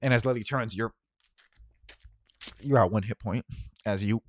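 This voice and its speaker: A man with a very low voice narrates a tabletop superhero game as game master. He talks casually, dotted with ums. The sound is dry and close. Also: a little slow, no echo. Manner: casual, with many filler ums.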